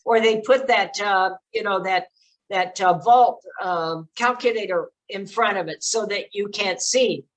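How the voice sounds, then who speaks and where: A woman's voice: mid-range voice, a little slow, low-quality recording. An older woman giving earnest, direct advice to parents in a presentation, with frequent fillers. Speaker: speaker on child exploitation prevention.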